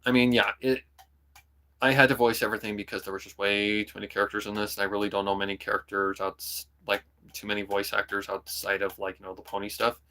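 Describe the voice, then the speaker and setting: A young man streaming, chatting casually and rambling about voicing characters, often breaking into quick voice demos. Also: on the low side, little pitch movement, bright, forceful tone. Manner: rambling, full of "kinda" and "like", jumps into voice demos. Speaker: streamer and hobby voice actor. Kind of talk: casual livestream chat.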